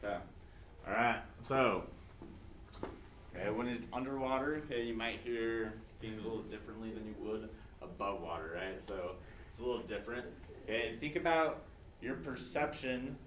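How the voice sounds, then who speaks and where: A male teacher leading a class, drilling vocabulary by call and response and filling pauses with frequent "okay". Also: fairly low pitch, fairly bright tone. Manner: frequent "okay" fillers, repeats prompts. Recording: echoey classroom from far off, faint noise.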